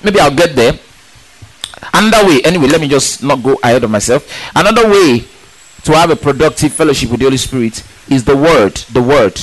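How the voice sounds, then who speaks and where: A man preaching a sermon in an emphatic, animated way, asking rhetorical questions and repeating words for stress. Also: mid-range voice, a little fast, poor audio.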